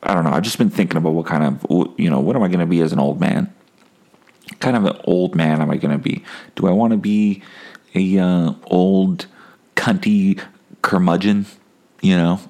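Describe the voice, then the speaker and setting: A man's voice: low voice, normal speed, a little mellow. A man hosting a casual solo podcast, rambling and wry, swearing freely. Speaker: podcast host.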